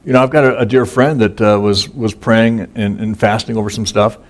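Casual, low-voiced man preaching. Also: fairly even intonation, a little fast. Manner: casual and folksy, many fillers and repeated words. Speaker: pastor. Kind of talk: sermon, conversational Bible teaching.

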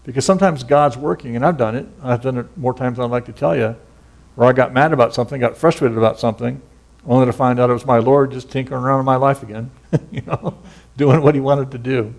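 A man's voice: medium pitch, fast, gravelly. Middle-aged man preaching in a folksy way. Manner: relaxed, folksy storytelling with casual asides. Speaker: pastor. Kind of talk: conversational sermon.

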